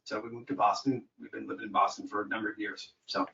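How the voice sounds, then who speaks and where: A man's voice: fairly low pitch, level tone, quick pace, creaky, sharp tone, slight background noise. A man calling in to a coaching call, chatty and self-deprecating as he tells his story. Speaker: caller, new coaching client. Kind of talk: casual conversation. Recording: echoey, dull sound from a distant mic.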